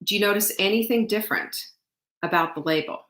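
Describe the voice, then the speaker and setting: In an echoey room with poor audio, a woman with a mid-range, fairly bright voice talks a little fast. She's running a casual supplement sales livestream from home, rambling chattily, tearing up, and filling her speech with fillers and restarts.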